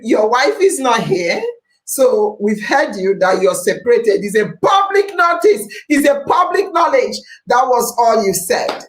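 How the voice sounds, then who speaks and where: Impassioned female podcast host, fairly high voice, unhurried and emphatic. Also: rough recording. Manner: emphatic, preachy, repeats phrases, rises to near-shouts.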